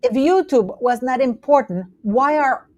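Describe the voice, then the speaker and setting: A woman with a light Latin American Spanish accent hosts a casual talk, her voice sitting a little high. She tells stories in a lively way and acts out the people she met. The sound is dry, close and free of room echo. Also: unhurried, muffled recording. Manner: animated storytelling, quoting people in changed voices. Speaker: host. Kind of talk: casual chat. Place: Canada.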